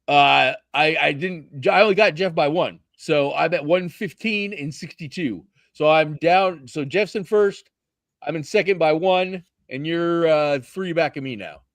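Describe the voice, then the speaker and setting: Man, sports podcast host, animated, swears a lot, slightly high voice, dry close sound. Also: unhurried, no echo. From Seattle area. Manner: animated, swears freely, loose banter. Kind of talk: casual sports chat.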